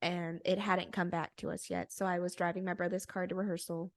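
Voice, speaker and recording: A woman's voice: on the low side, little pitch movement, fairly quick, no room sound. A young woman co-hosting a podcast, telling a story in casual chat, bubbly and laughing often. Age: young adult. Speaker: podcast co-host.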